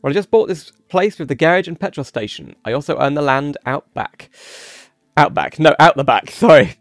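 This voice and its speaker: A man's voice: a little high, lively intonation, a little fast, no echo. A man reading the lines of a friendly uncle, a retired racer turned mechanic, plainly and without putting on an accent. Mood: cheery.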